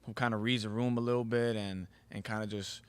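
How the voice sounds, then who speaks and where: A man in his twenties, a team captain being interviewed, easygoing and modest with relaxed fillers. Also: lowish voice, brisk, smooth. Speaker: guest, soccer team captain. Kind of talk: casual interview.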